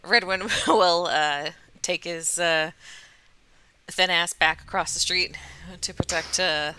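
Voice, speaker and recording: A woman running a tabletop game as game master. Her voice sits low yet sounds bright and crisp, and she takes her time between words. She is easygoing and laughs often. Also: fairly even intonation, slow, a little hiss or hum. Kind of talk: narrating a tabletop game online.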